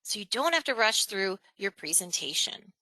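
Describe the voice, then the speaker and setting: A woman giving an online presentation-skills webinar, energetic and emphatic, who varies her tone and pace on purpose. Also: mid-range voice, normal speed, no echo, rough recording.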